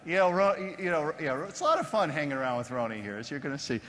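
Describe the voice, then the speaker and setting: A man's voice: a little high, lively intonation, fast talker, a bit bright. A man hosting an on-stage interview, asking jokey leading questions with many fillers. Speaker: host, interviewer. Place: large conference stage before an audience. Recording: long hall reverb with faint background noise.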